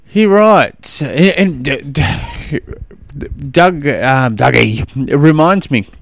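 A man's voice: on the high side, animated, drawn-out words, vocal fry, dry recording. A man with an Australian accent hosts a podcast in casual chat. He rambles along with frequent restarts. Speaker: podcast host.

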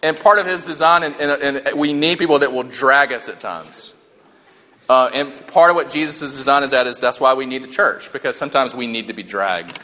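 A man's voice: mid-range voice, normal speed, bright, forceful tone. A man preaching a sermon in a conversational way, repeating key lines for emphasis and joking along the way. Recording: long hall reverb.

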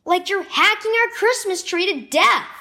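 Woman doing a blunt little brother, high and pushy. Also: expressive, moderate pace, bright, forceful tone, heavily acted. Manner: blunt, demanding. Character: blunt younger brother, a boy.

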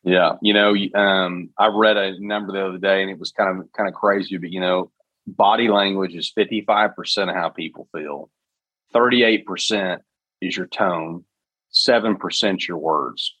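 This is a low, husky man's voice heard over a video call microphone. The sound is dry and close, with no room in it. He explains ideas in a coaching way and poses rhetorical questions as he talks. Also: fairly even intonation, normal speed, fairly bright tone, no room sound, muffled recording. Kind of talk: casual podcast chat.

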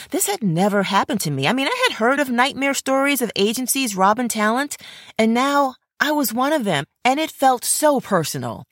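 A woman's voice: mid-range voice, dry recording. A woman, an actor and podcast host, telling a personal story in earnest, indignant first-person narration and speaking straight to fellow actors. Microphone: close studio mic.

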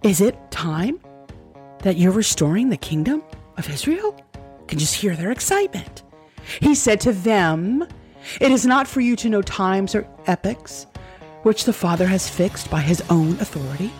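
A woman's voice: medium pitch, lively intonation, moderate pace, soft background music. A woman reading Bible verses aloud as a commentary host and breaking off into sarcastic, exclamatory asides.

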